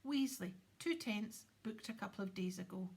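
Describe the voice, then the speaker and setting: A woman voicing a cheerful, flustered middle-aged wizard father in an audiobook, with a breathy voice. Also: medium pitch, normal speed, darkish tone. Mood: bright. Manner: eager, fumbling, nervous.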